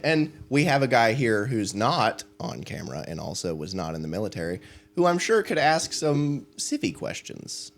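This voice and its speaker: A man hosting a casual podcast chat. His pitch swings widely as he tells his stories. He laughs often along the way. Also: measured pace, a little hiss or hum. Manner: laughing, animated storytelling. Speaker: podcast host.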